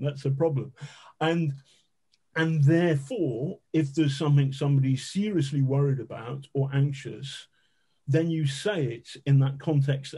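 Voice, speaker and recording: A middle-aged man with a husky, mellow voice spins frank, self-mocking war stories as a podcast guest. He swears casually and laughs at himself as he goes. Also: medium pitch. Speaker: guest, investigative journalist. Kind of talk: conversational storytelling.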